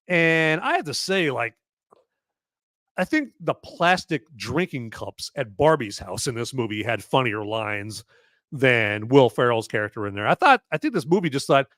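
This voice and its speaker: A man's voice: medium pitch, big pitch swings, moderate pace, fairly bright tone, no echo, studio quality. A man hosting a podcast, rambling through a casual live movie review with lots of fillers, restarts and sarcastic asides. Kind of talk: casual live-stream commentary.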